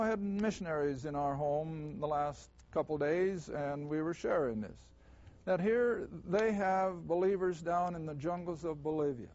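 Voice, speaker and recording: A man teaching a Bible class, reading verses slowly and deliberately and stressing key words. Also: fairly high pitch, a little mellow, muffled recording.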